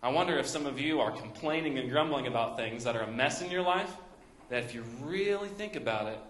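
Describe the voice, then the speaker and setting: Young pastor in an echoey church. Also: male voice, mid-range voice, lively intonation, brisk, fairly bright tone. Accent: Midwestern American. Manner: storytelling with many fillers and restarts. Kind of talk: sermon. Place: church sanctuary.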